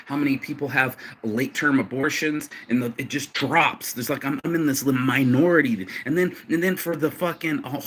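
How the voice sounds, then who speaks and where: A man's voice: mid-range voice, fairly bright tone, slight background noise. An emotional man pours out a rambling vlog monologue from a bench outdoors. His mid-range voice stumbles over repeated words and drops casual swears and "bro"s. Faint outdoor ambience hums beneath him. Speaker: vlogger.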